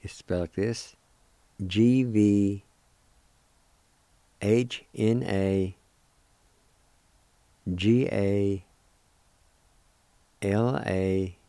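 A male radio host giving a language lesson, spelling and pronouncing words slowly and deliberately. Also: fairly low pitch, mellow, clear, resonant tone, no room sound.

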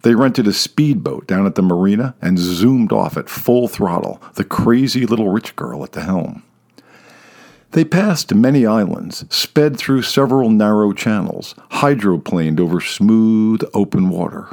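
A male storyteller with a lowish voice narrates a comic tale. He is wry and playful, and his pitch rises and falls widely. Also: animated, unhurried, vocal fry, a little mellow.

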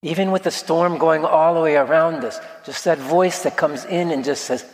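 A priest around sixty delivers a sermon in a gentle, reflective way, telling stories at an unhurried pace. His voice sits a little higher than most men's. The sound carries the long reverb of a large hall, as in a church. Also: steady tone.

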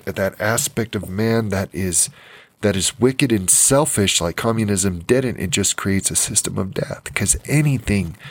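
A man giving an informal Bible study sermon, passionate and emotional, teary and repeating phrases for emphasis. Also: on the low side. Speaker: Bible teacher.

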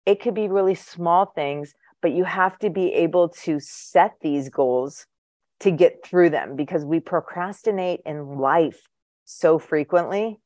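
A woman co-hosting a casual podcast, speaking in a lively, playful, teasing way. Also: lowish voice, dry recording. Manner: lively and playful, quick to tease. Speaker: podcast co-host.

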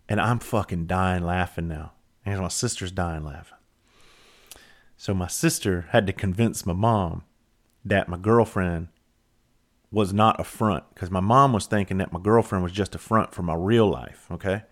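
Low-voiced man telling a story. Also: unhurried. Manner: loose, profane, rambling and self-mocking. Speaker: podcast host. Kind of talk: casual storytelling.

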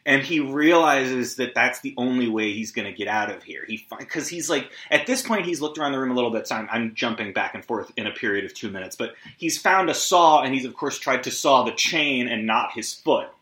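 A man's voice: medium pitch, animated, a little fast, hardly any pauses, sharp tone. A man hosting a solo movie recap podcast, rambling and scattered, swearing often and making self-deprecating asides, on a lo-fi recording. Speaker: podcast host. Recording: lo-fi echoey room.

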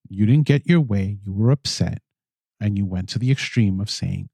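A man's voice: lowish voice, normal speed, vocal fry, breathy edge, no room sound. A man hosting a podcast, reading a letter aloud and then ranting indignantly, with mocking impressions of the other side. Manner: animated, indignant, mocking put-on voices. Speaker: podcast host. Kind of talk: opinion podcast monologue. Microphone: studio microphone.

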